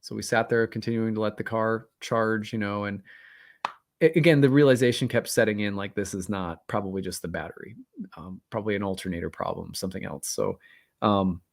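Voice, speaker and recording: A man's voice: fairly low pitch, fairly even intonation, brisk, vocal fry. Candid rambling male storyteller. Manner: rambling, candid, self-deprecating, many fillers. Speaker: astrology channel host. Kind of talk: casual storytelling monologue.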